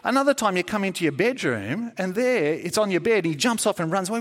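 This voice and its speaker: A man preaching a sermon to a congregation with children, telling stories with lively, acted-out scenes. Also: high voice, fast, few pauses. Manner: animated storytelling, acts out scenes with shouts and mock laughs.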